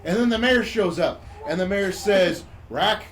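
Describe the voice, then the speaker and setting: A man hosting a podcast, casually retelling a movie plot in a rambling, animated way and acting out the characters' lines. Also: high-pitched, moderate pace. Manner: rambling, animated storyteller who acts out quotes. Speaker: podcast host.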